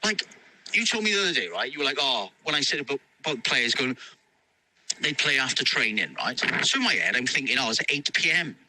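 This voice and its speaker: Bright ranting fan. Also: male voice, mid-range voice, brisk, low-quality recording. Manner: animated, rambling, swears and laughs. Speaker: football fan in a voice message. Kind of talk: ranting voice note.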